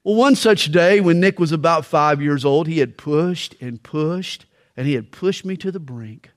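A middle-aged pastor with a voice on the high side preaches about parenting. He tells stories using dramatic pauses and slow, weighty emphasis.

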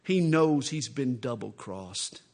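A man's voice: medium pitch, animated, slow pace, darkish tone. A male preacher teaching from scripture in a folksy, joking, conversational way. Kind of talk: expository sermon with humorous asides.

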